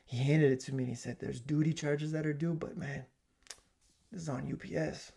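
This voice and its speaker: A man telling a comic story as a rant from his home basement, swinging from loud exclamations to hushed asides. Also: fairly high pitch, fairly even intonation, normal speed, creaky, heavy background noise. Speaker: comedic ranter. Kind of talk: comedic rant.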